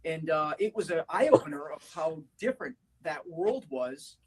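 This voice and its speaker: A man's voice: fairly high pitch, big pitch swings, normal speed, darkish tone, slight background noise, poor audio. A man from Chicago answering interview questions in a casual, reflective way, with many fillers. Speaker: guest.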